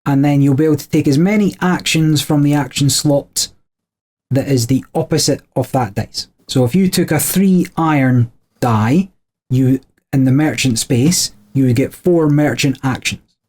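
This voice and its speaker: A man's voice: medium pitch, moderate pace, darkish tone. A man co-hosting a podcast, explaining board game rules in a chatty way with frequent small laughs. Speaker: podcast co-host.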